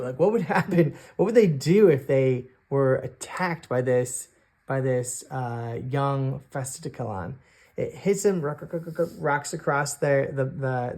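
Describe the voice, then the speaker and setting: A man's voice: mid-range voice, a little mellow. A man narrating a solo tabletop game as game master, thinking aloud and hesitating often. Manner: hesitant, full of fillers and restarts, thinking aloud. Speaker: game master and sole player.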